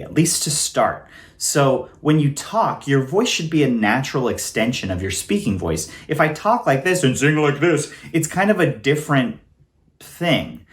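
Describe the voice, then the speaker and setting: A man in his thirties from California, giving a casual singing lesson to camera and demonstrating sounds with his voice. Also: medium pitch. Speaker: voice teacher.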